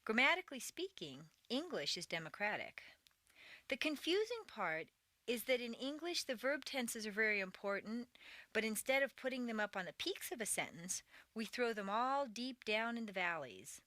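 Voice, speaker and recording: A woman reading a scripted English pronunciation lesson, with clear, deliberate speech and exaggerated intonation in the drills. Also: on the high side, sing-song, bright, forceful tone, no room sound. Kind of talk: scripted audio lesson narration.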